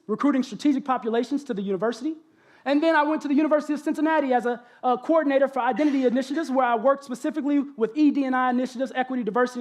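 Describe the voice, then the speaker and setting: A young man from Texas with a Southern accent, giving an animated spoken-word poem and talk as a college guest speaker, speaking directly to the audience. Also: very high voice. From Galveston, Texas. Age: young adult. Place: college convocation auditorium.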